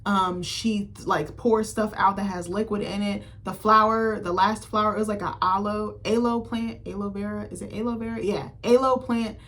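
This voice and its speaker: A woman's voice: mid-range voice, fairly even intonation, normal speed, hardly any pauses, a bit bright. Chatty, profane woman recapping a film. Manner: chatty, profane, heavy on fillers like "like" and "um". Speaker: film critic vlogger.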